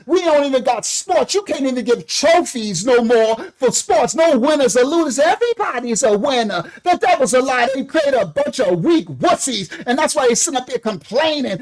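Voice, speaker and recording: A man's voice: very high-pitched, big pitch swings, normal speed, poor audio. An older man from Long Island, New York, giving a fiery, preachy, rambling monologue as host of a ministry channel. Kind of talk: ranting monologue.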